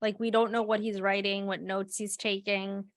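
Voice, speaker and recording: A woman's voice: mid-range voice, flat delivery, normal speed, no echo. Blunt woman recapping on a podcast, dry sound. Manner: blunt, swears freely while recapping. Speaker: podcast co-host.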